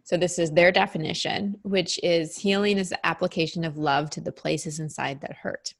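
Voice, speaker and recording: A middle-aged woman speaking as an interview guest, explaining her ideas in a reflective, even way. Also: on the low side, moderate pace, creaky. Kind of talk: interview conversation.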